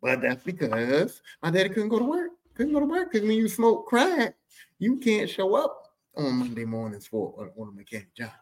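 Male podcast host, profane comic storyteller, lively, slightly high voice. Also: normal speed. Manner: profane, animated, rambling. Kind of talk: comedic personal storytelling.

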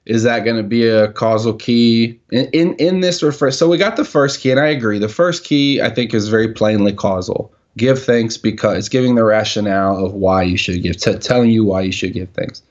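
A man teaches a Hebrew text in casual conversation, exacting and jokey, firing off pointed questions and fixing terms with dry jokes. His fairly low voice moves briskly with hardly any pauses, and the audio is dull.

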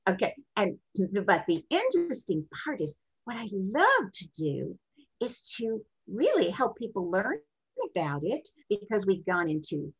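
Husky older woman telling lively stories. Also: a little slow, rough recording. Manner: expressive, jumps into high voices when quoting. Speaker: sexologist and guest. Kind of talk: animated interview storytelling.

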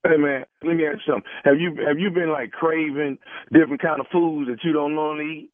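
A man's voice: a little high, fairly even intonation, fast talker, no room sound. Insistent man on a tinny phone line. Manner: insistent, full of "you know" and restarts. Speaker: radio prank caller. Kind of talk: prank phone call.

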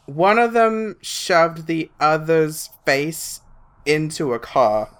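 A man in casual chat among friends, telling a story slowly with frequent laughs. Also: fairly high pitch, fairly bright tone, a little hiss or hum. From lives in England.

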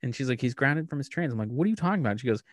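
A man casually telling deadpan stories about his daughter, acting out both sides of the dialogue. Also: medium pitch, rapid-fire, no echo. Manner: deadpan storyteller who acts out dialogue. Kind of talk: casual chat.

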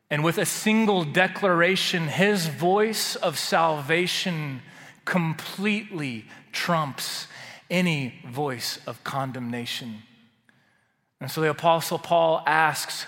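A male pastor delivers a sermon at a very slow, deliberate pace. He builds to fervent swells and then drops to hushed, quiet phrases. His voice carries a long reverb, as if spoken in a large hall. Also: on the high side.

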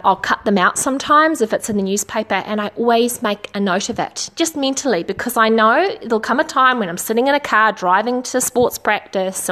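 A woman talking casually and earnestly about parenting, with frequent fillers. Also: medium pitch. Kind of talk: casual advice talk.

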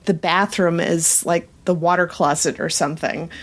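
A woman co-hosting a podcast, chatting casually and animatedly. She retells funny bits from shows with eager excitement and quick enthusiasm. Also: on the low side. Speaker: podcast co-host. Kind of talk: casual chat.

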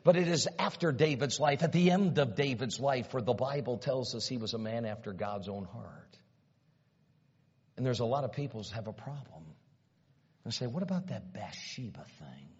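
A man preaching a sermon, retelling a story dramatically and swinging from hushed asides to loud, rising exclamations. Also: mid-range voice, expressive, moderate pace, breathy edge. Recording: dull sound with long reverb in a hall.

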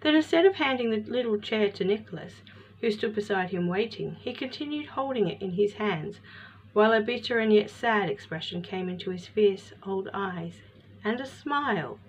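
A woman storyteller giving an expressive, measured storybook narration as host of her show. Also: mid-range voice. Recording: slightly muffled with faint hiss.

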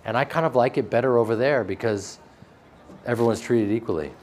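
A man with a flat Midwestern American accent, interviewed about his acting work, joking and self-deprecating with frequent restarts. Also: medium pitch, a little fast, a little hiss or hum. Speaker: actor interviewed. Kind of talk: casual interview chat.

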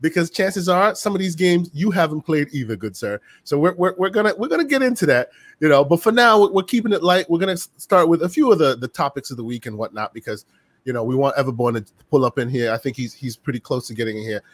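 A fairly high-pitched man hosts a casual gaming podcast, rattling on with plenty of fillers and quick restarts. His voice is close-miked and sounds dry, with no room around it. He comes across as animated and talkative. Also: dry recording. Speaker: podcast host.

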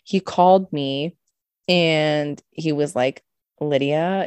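A woman co-hosting a podcast, telling a story in a lively, casual way, swearing freely and acting out what people said. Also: low-pitched, takes it slowly, clear, resonant tone, no room sound. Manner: animated, swears a lot, acts out quotes. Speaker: podcast co-host.

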